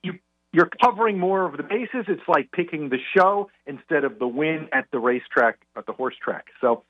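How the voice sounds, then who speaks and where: A man calling in to a radio show as a guest financial commentator, explaining in a measured way with frequent restarts. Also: a little high, expressive. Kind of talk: phone-in radio chat. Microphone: telephone call. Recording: tinny phone line.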